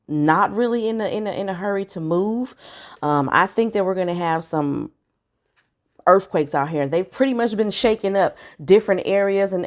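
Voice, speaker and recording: Woman vlogger, low and gravelly, casual chatty read-through of news items for viewers. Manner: chatty, conversational, addresses viewers directly. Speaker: vlogger giving news updates. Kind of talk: casual vlog chat, reading articles aloud. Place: home in California.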